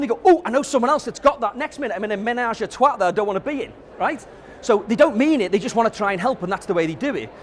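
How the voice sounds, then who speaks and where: Middle-aged guy running a workshop, high voice, cheeky and sweary, does little voices. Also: a little hiss or hum. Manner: cheeky, sweary, acts out examples in character. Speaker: workshop presenter. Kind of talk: interactive training talk. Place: conference session room with audience.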